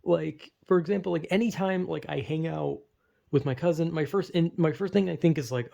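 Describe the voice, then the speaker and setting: A man's voice: fairly high pitch, fairly quick, vocal fry, warm tone. A young man talking casually into his own video, rambling and self-deprecating, full of fillers and restarts. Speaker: vlogger.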